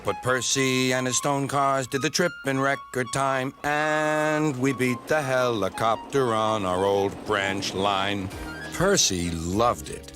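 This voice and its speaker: A man narrating a storybook show in a slow, gentle storytelling manner. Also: mid-range voice, fairly even intonation. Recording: background music.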